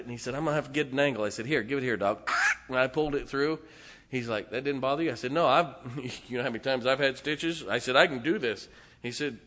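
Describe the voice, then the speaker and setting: A middle-aged man, a pastor telling a folksy, animated story to his congregation with laughs and asides. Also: mid-range voice. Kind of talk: storytelling sermon. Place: church sanctuary.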